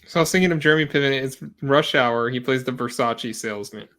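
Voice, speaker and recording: A man's voice: medium pitch, fast talker, fairly bright tone. A man co-hosting a movie review podcast, speaking in a hesitant, wry way. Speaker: podcast co-host. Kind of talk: casual movie review chat.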